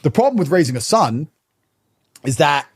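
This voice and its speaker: Blunt, animated man on a podcast. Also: on the high side, normal speed, slightly rough. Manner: blunt, emphatic and stubborn in tone. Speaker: podcast guest. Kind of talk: casual podcast conversation.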